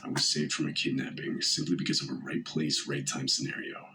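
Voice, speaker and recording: A man narrating a first-person horror story in a steady, measured way. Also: rumbling low, noisy background. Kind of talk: scripted narration.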